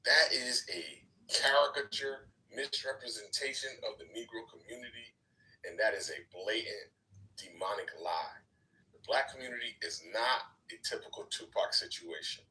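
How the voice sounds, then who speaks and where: A man in a heated live debate in an online voice chat room, scolding and repeating himself, going from low muttering to loud outbursts. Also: wildly swooping pitch, normal speed, recorded from a distance, rough recording.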